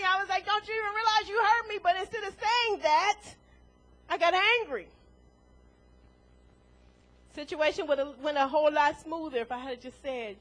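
A woman's voice: high voice, a bit bright. A woman preaching a sermon to a congregation in a church, emphatic and full of rhetorical questions, chuckling between points.

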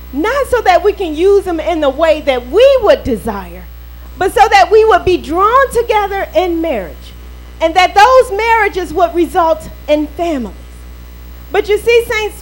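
A woman pastor with a very high voice delivers a sermon. She is playful, acts out little quoted voices and laughs often as she preaches. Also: rough recording.

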